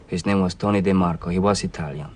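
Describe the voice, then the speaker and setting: A man's voice: sits low, fairly even intonation, fast, a little mellow. An actor playing a formal young man who claims noble roots, speaking in a stately manner.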